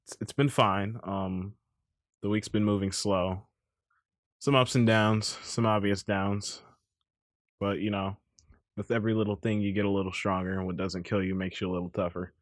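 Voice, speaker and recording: A man's voice: on the low side, little pitch movement, normal speed, no echo. A young man hosting a casual chat podcast, teasing his friends with dry jokes. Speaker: podcast host.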